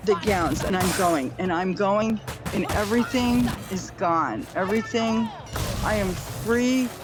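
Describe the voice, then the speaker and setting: A woman's voice: mid-range voice, measured pace. A middle-aged woman giving a personal testimony, telling her story earnestly in long run-on sentences with many repeated phrases. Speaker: near-death experience storyteller. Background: clear background music.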